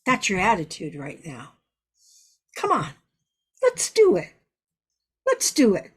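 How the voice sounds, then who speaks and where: A man's voice: high voice, huge pitch swings, slow pace, breathy edge, full character voice. A woman voicing a firm, no-nonsense male spiritual boss who rallies the listener to get to work. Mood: rousing. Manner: firm, rousing.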